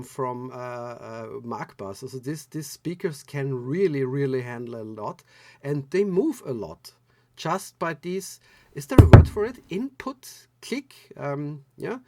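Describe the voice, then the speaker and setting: A man's voice: on the high side, unhurried, mellow, no echo. A man from Austria, German, giving a casual, rambling gear review with many restarts. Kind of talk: casual product review vlog.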